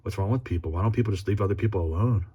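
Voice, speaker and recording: A man's voice: on the low side, rapid-fire, husky, lo-fi sound. A man on a casual vlog, reading text aloud in a rambling way with chuckles and blunt, profane asides. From Philadelphia area. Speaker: sports fan vlogger.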